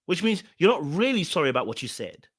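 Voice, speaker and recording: A man in a slightly high register gives reaction commentary on a reality show. He is blunt and emphatic and repeats his points over and over. His voice sounds close and dry, with no room around it. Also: sing-song, fast talker, a bit bright, slightly rough, dry recording. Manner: emphatic, blunt and repetitive, hammering points home.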